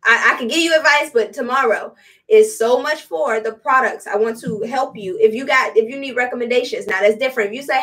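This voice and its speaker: A woman's voice: a little high, fairly quick, a bit bright. A woman hosting a casual live-stream product demo, chatty and repetitive with blunt slang. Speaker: host selling spiritual products. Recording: voice distant from the mic.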